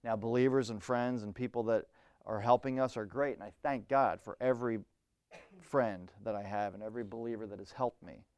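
A man's voice: medium pitch, brisk, darkish tone, clear, resonant tone, no room sound. A man preaching a sermon in an earnest, conversational way, often restarting phrases and adding "you know".

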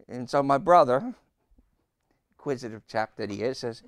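A man's voice: mid-range voice, animated, moderate pace, no room sound. A man preaching a sermon, telling anecdotes with rhetorical questions and acted-out quotes.

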